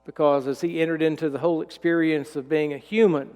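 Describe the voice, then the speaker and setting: A middle-aged man preaching a sermon, telling a personal story in a folksy way and dropping to a hushed voice when he is moved. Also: a little high, fairly even intonation, quick pace, clear, resonant tone. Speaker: pastor. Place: church sanctuary. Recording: reverberant church sanctuary.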